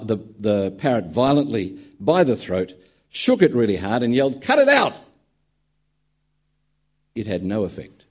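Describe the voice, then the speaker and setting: A man's voice: mid-range voice, mellow, slightly rough. A man preaching a sermon in a conversational storytelling manner, with dry humour. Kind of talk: sermon with a told joke.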